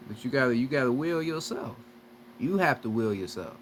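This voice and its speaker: A man's voice: medium pitch, lively intonation, normal speed, a little hiss or hum. A man giving a profane, repetitive spiritual lecture straight to his viewers as a video creator. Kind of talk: preachy lecture to camera.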